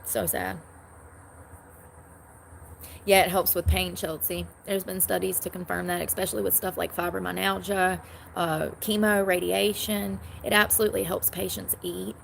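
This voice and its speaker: A woman's voice: lowish voice, normal speed, gravelly, a little hiss or hum. A woman chatting casually to her livestream audience, rambling and answering comments, from the United States. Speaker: livestream host.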